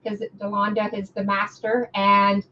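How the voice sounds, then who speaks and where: A woman guest and educator chatting casually on a live stream, halting and chatty. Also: medium pitch, monotone, pushed and bright, far from the mic, muffled recording, a little hiss or hum. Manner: chatty, halting with fillers and restarts.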